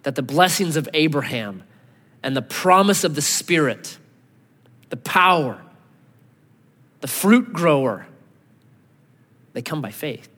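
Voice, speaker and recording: A fairly high-voiced man preaches in his thirties, his pitch leaping all over as he acts out little voices. He swings from loud bursts to near hushes. A long reverb from a large church hall trails after every line. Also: expressive, slow, long pauses. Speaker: pastor. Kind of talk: sermon.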